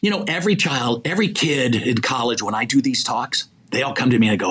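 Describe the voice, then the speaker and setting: A man, a sports executive recruiter and podcast guest, talking in a preachy, animated way about faith and asking rhetorical questions. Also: medium pitch, fairly quick, husky. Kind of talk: faith-centered motivational conversation.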